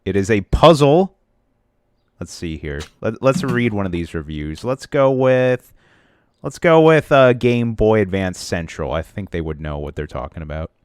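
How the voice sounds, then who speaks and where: A young man co-hosting a podcast, chatting casually and joking around, with goofy excited bursts. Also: on the low side, a little slow, clean tone, no room sound. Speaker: podcast co-host. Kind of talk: casual chat.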